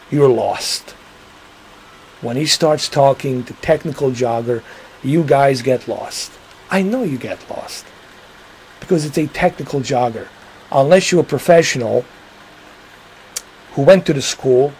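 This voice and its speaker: A man's voice: mid-range voice, a little mellow, slight background noise, poor audio. A man hosting a livestream, chatting casually and rambling to his viewers, swearing now and then. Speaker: livestream host.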